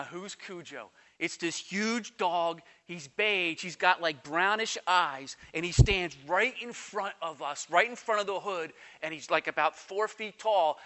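A man preaching a sermon, telling a lively personal story and slowing down when he reads scripture. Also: high voice. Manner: animated storytelling, quick bursts, slows for scripture. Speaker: pastor.

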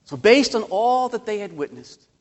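A man preaching a sermon as pastor, slowing down for emphatic lines, asking rhetorical questions, surging in loudness and adding self-deprecating humor. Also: high voice, very animated. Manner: impassioned preaching with slow emphatic phrases and sudden surges in loudness.

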